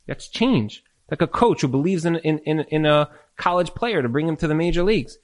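A man's voice: on the high side, sing-song, fairly quick, hardly any pauses. A man teaching a marriage class and taking questions from listeners, earnest and repetitive, often acting out what spouses say. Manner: earnest, repeats words, acts out quoted spouses. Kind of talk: lecture with audience Q&A.

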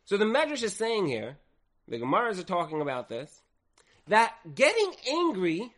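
A man giving an animated Torah lesson, telling the story dramatically and acting out quoted speech with swings in loudness. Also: high-pitched, moderate pace. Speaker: Torah teacher.

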